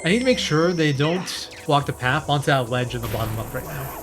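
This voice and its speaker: A man's voice: mid-range voice, animated, fairly quick. Casual speedrunner man thinking aloud. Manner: casual, chatty, thinking aloud while playing. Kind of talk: live speedrun commentary. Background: game music.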